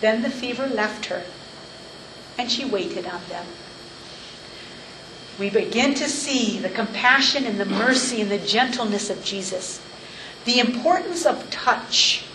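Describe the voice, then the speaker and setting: A woman giving verse-by-verse Bible teaching, emphatic and slowing down to stress key phrases. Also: a little high, expressive, background noise. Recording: echoey room, mic at a distance.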